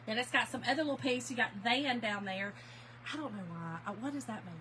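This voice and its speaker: A woman's voice: fairly high pitch, fairly quick, sharp tone, slight background noise, poor audio. A chatty, effusive woman, hosting a casual live sale stream and thanking viewers by name. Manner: gets emotional and laughs easily. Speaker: host of a live craft-supply sale. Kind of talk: casual livestream chat.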